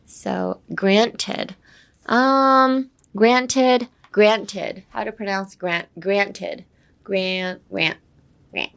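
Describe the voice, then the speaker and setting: A woman's voice: mid-range voice, steady tone, drawn-out words, creaky, fairly bright tone. A young woman from California, teaching English pronunciation in a bubbly way and switching between English and Japanese. She uses lots of "um" and "like" fillers. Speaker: podcast English teacher and idol. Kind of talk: casual English pronunciation lesson.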